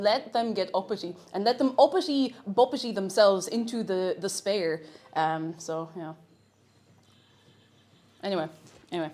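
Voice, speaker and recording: A woman's voice: mid-range voice, expressive, moderate pace, pauses often, darkish tone. A young Irish woman streaming live as she cooks, chatting playfully with her chat and reading out messages. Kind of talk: casual live-stream chat while cooking. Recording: faint music in background.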